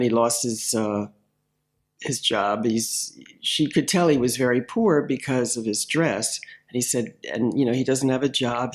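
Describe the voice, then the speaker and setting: A man telling a story in casual spoken style, with frequent pauses, fillers and restarts. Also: medium pitch. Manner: halting, with many fillers and restarts.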